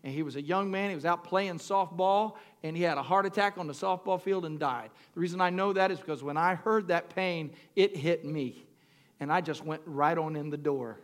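A male pastor preaching a sermon, talking straight to the congregation, calling for responses and moving between quiet storytelling and shouted preaching. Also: a little high. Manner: talks directly to the congregation, asks for responses.

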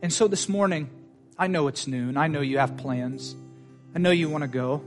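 Male preacher, fervent sermon delivery, slightly high pitch, faint music bed. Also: normal speed. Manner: fervent, emphatic, repetitive exhortation.

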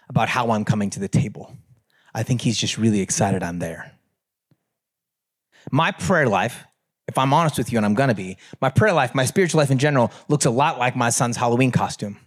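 A man's voice: medium pitch, husky. A man speaking at a conference in a conversational, humorous way, addressing the audience directly. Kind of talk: storytelling talk on prayer.

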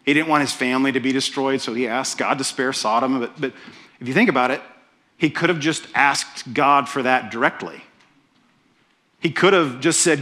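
A man preaching a sermon in a conversational, animated storytelling way, often restarting his phrases. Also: mid-range voice, moderate pace. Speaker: pastor.

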